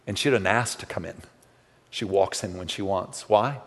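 A man's voice: low-pitched, normal speed. A male pastor preaching a sermon in a loose, conversational way, full of rhetorical questions and asides. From Texas. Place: large church hall. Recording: long hall reverb.

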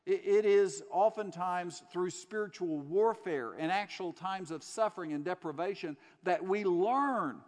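Preacher guy, voice sits a bit high, earnest storytelling, hammering points with repeats, big echoey church hall. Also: a little slow, few pauses. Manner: earnest storytelling, emphatic repetitions. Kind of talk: sermon. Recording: long hall reverb.

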